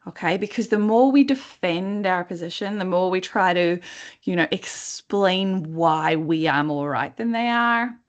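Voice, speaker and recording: A woman's voice: on the low side, animated, a little slow, highs cut off. A woman coach teaching a webinar in a conversational way. She often checks in with her listeners and acts out quoted dialogue. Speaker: workplace coach.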